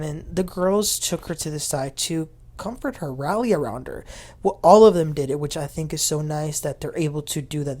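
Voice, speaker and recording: A young man casually recapping a reality TV episode, acting out the cast's lines with big swings in his voice. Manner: animated, acts out quotes with big pitch jumps. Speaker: TV recap host.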